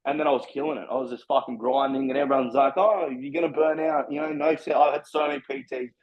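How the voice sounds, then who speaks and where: A young Australian man talking fast and bluntly, swearing freely as he tells his story in a relaxed chat. His voice sits at an average pitch, and the recording sounds a little dull and lo-fi. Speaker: personal trainer guest. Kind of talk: casual podcast storytelling.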